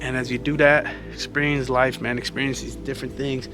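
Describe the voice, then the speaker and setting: A man's voice: mid-range voice, level tone, a little fast, music in the background. A man giving earnest, casual motivational advice in a vlog, a little out of breath, talking like a friend and calling the listener "man". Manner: earnest, conversational, says "man" often. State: slightly out of breath. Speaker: vlogger.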